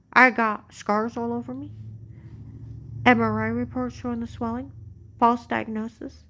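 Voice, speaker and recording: A woman's voice: fairly high pitch, normal speed. Agitated woman ranting in a monologue. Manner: ranting, jumps between loud outbursts and whispers.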